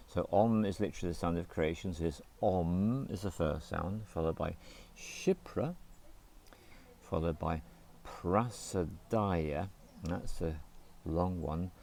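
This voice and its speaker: A man acting as a spiritual teacher, explaining a mantra slowly and deliberately and spelling out its syllables one by one. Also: low-pitched, dark tone.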